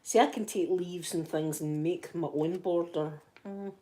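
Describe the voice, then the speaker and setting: A Scottish woman in her fifties with a sore throat, chatting softly in a rambling, self-mocking way for an ASMR channel. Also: fairly low pitch, steady tone, a little slow, hardly any pauses. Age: 50s. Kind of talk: soft-spoken ASMR chat.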